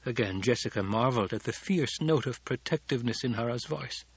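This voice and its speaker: A male audiobook narrator with a husky, slightly breathy voice at a middling pitch, reading calmly and evenly. The sound is dull and lo-fi, with a dry, close feel. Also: fairly quick, no room sound. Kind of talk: scripted narration.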